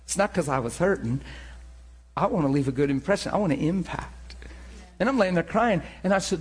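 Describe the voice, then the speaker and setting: A man preaching and telling his own story in a sermon, with animated storytelling that rises to shouts. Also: fairly high pitch, fairly quick. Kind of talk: sermon testimony.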